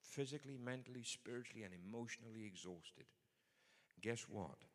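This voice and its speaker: A man's voice: mid-range voice, lively intonation, a little fast, long reverb tail. A man preaching a sermon in a conversational but emphatic way. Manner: conversational, emphatic, builds to forceful points.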